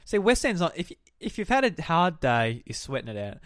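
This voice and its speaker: A man with an Australian accent hosting a casual podcast chat at home, relaxed and rambling. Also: fairly high pitch, moderate pace, no room sound, studio quality. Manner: relaxed, rambling, laughs often. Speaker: podcast host.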